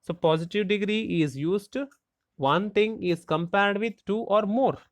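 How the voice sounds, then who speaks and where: A teacher explaining a grammar lesson slowly and deliberately, asking rhetorical questions and spelling out letters. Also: mid-range voice, no room sound.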